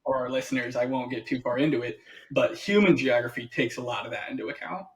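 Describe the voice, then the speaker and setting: A man co-hosting a podcast in casual chat, animated, acting out what other people say and laughing often. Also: mid-range voice, fast talker. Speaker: podcast co-host.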